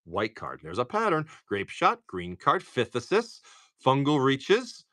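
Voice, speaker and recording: A man with a Massachusetts accent hosts a live stream, rattling off each card in quick lists with joking asides. His voice is bright and animated, jumping up and down in pitch. The sound is dry and close. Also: no room sound. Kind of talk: casual live commentary.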